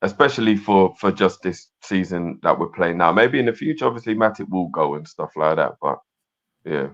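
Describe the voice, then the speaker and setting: A man's voice: sits low, lively intonation, moderate pace, muffled recording. A man co-hosting a casual live stream, rambling and repeating words as he talks. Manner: rambling, repeats words, fond of filler phrases. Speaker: co-host.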